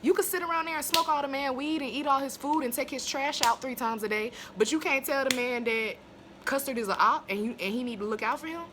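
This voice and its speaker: Over a noisy background, a high-voiced woman talks fairly quickly while reviewing a TV episode on her phone. Casual and profane, she drifts into long run-on tangents and grows heated and indignant as she rants.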